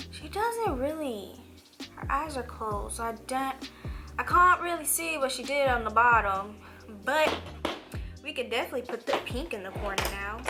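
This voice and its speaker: A young woman chatting through a makeup tutorial, rambling and animated, her voice jumping up when she rants. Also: creaky. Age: young adult. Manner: animated, rambling, swoops high when ranting. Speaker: beauty vlogger.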